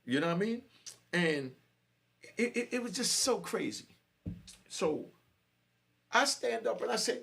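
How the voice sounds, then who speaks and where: A man's voice: sits high, sing-song, unhurried, gravelly, long pauses, fairly bright tone. A man telling his own jail story in casual street slang, often saying "you know".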